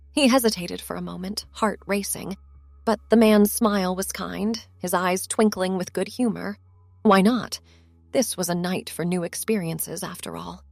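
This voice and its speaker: A woman reading a story in calm, scripted narration. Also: on the low side, normal speed, creaky, no echo, soft background music.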